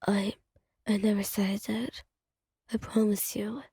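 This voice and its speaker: A reserved young swordsman speaks in a whispered role-play, as a woman puts him on. The voice is hushed, slow and breathy, with a dark, mellow tone. He is gentle under his guarded manner. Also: mid-range voice, little pitch movement, dry recording, clean studio sound, exaggerated voice.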